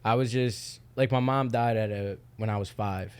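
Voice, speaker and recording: A young man with a somewhat low voice talks as a podcast guest. His speech is loose and candid, full of filler and casual swearing. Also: fairly even intonation, normal speed, smooth. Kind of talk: casual chat.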